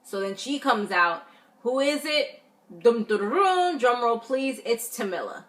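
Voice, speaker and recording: Woman vlogger, casual recap; animated, blunt, filler-heavy delivery. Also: on the high side, unhurried. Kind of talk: casual review chat.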